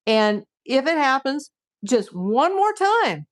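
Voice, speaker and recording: A woman's voice: high-pitched, sing-song, takes it slowly. A woman hosting her own livestream, talking casually and bluntly, acting out what her commenters say and laughing easily between points. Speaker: livestream host.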